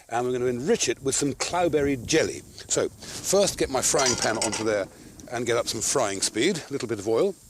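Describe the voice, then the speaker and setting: A man's voice: mid-range voice, a little hiss or hum. Jovial man hosting an outdoor cooking show. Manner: jovial, theatrical banter with the crew. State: a bit out of breath. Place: snow kitchen outdoors.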